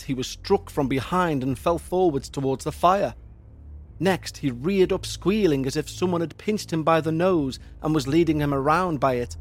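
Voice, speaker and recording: A man narrating a scripted horror story for a podcast, with a measured, suspenseful delivery. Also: a little high.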